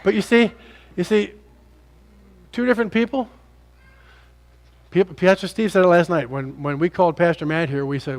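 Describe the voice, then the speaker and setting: Animated high-voiced American pastor preaching. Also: male voice, moderate pace, pauses often. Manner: animated, acts out characters, jokes with congregation. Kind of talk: lively sermon. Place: church sanctuary.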